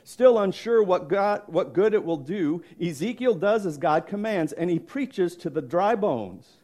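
Male pastor, dramatic emphatic sermon delivery, slow and deliberate pace. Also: high-pitched, expressive, dark tone. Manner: dramatic, emphatic storytelling with questions to the congregation.

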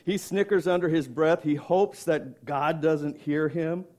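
A man's voice: fairly high pitch, fairly even intonation, measured pace, darkish tone. A man preaching a sermon, telling a story dramatically and emphatically, asking questions of his congregation. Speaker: pastor.

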